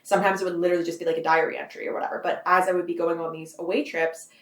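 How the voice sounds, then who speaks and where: A Canadian woman in her twenties speaks fast and flat in a fairly low voice, her sound a bit roomy. She's a guest author in a casual interview, rambling along, saying "like" constantly and laughing often.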